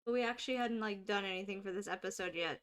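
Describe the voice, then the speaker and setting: A woman gaming streamer commenting live, excitable and blunt, swearing and laughing at the game. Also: mid-range voice, quick pace, smooth. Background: game music.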